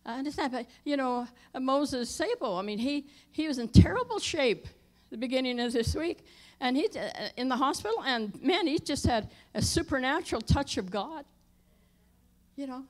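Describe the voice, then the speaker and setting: A woman's voice: expressive, moderate pace. Woman pastor preaching a story. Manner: storytelling, voice dropping low for tense moments and rising loud for emphasis. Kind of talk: sermon with personal story. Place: church sanctuary.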